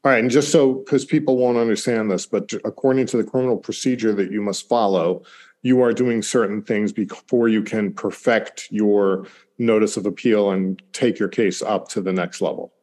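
A man hosting an interview, brisk and guiding, with a joking edge. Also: fairly low pitch, fairly even intonation, a little mellow. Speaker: host. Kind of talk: casual interview talk.

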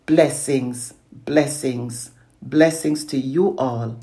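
A middle-aged woman slowly reciting a devotional poem, earnest and consoling. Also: lowish voice, darkish tone. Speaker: poet and inspirational speaker.

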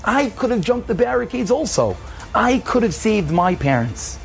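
A man voicing an older man who speaks with anguished regret in halting phrases. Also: sits high, sing-song, vocal fry, soft background music, voice pushed up, exaggerated voice. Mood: regretful.

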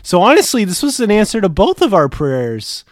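A young adult man telling a personal story in a chatty, animated way, full of casual fillers. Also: high-pitched, normal speed, no echo, studio quality.

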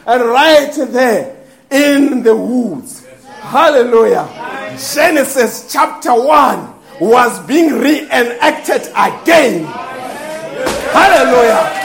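Male preacher, very high voice, shouting fervently, faint congregation behind. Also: expressive, takes it slowly, gravelly, soft background music, some chatter behind. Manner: fervent, breaks into shouts and laughing exclamations. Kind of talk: sermon with call and response.

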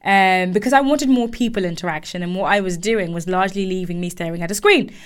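A woman's voice: fairly low pitch, fast talker, smooth. A young adult woman coaching listeners on careers, telling a personal story with emphatic repetition. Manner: animated storytelling, frequent restarts and emphatic repetition. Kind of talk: advice monologue with personal story.

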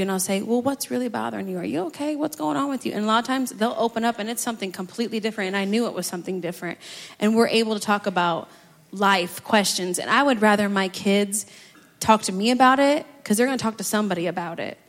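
A middle-aged woman speaking as a church guest, sharing her parenting stories in a chatty, animated way. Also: mid-range voice, quick pace. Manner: chatty, animated, acts out her own outbursts. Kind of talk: personal testimony on a church stage. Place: church sanctuary. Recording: long hall reverb.

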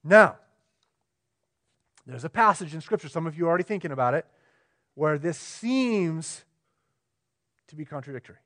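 Man, pastor, sermon, fairly high voice, emphatic then hushed, questions to the congregation. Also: lively intonation, moderate pace, long pauses. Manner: swings from emphatic to quiet and low; asks the room questions, conversational.

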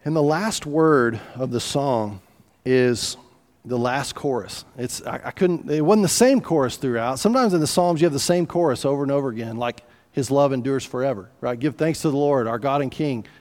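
A man's voice: mid-range voice, normal speed, darkish tone, in a large hall. A man preaching a sermon in a conversational, folksy way, with asides and restarts. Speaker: pastor.

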